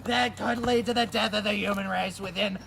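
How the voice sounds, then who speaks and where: A man doing a squeaky, gravelly protester. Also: fairly even intonation, fairly quick, crowd noise. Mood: chanting. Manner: chanting, breathless, earnest. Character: earnest, excitable male tree protester.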